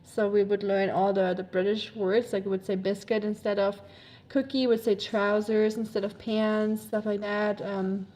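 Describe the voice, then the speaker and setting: A woman's voice: mid-range voice, level tone, moderate pace, few pauses, dark tone. A woman with a German accent, a native German speaker, chatting casually on a livestream, rambling with many fillers and frequent laughs. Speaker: livestreamer reading chat.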